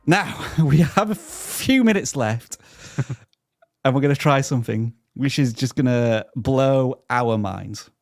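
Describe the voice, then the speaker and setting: A man's voice: mid-range voice, lively intonation, takes it slowly, vocal fry, dry recording, studio quality. Upbeat man hosting a live stream. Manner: upbeat, chatty, stumbles over names. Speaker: livestream host reading viewer questions. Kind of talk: live channel-review stream.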